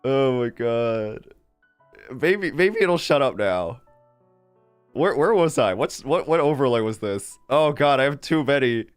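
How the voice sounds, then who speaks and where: A game streamer chats casually with viewers, rambling from one thought to the next and breaking into laughter often. The voice sits at a middle pitch but swings widely up and down. Soft music plays faintly underneath. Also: expressive, measured pace, smooth, no echo. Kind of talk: casual chat with live chat.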